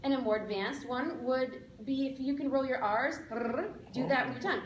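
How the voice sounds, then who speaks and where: A woman giving a playful, upbeat speech of practical advice to a speaking club, with emphatic slowed-down lines. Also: high voice. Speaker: public speaker. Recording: echoey room, faint background noise.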